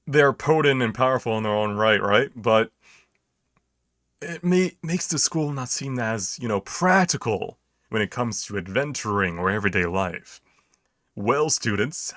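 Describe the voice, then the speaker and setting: A man's voice: lowish voice, lively intonation, a little slow, fairly bright tone, no room sound, clean studio sound. A man voicing a laid-back, pipe-smoking male illusion teacher who lectures his class in a languid way. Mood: lecturing. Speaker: teacher character.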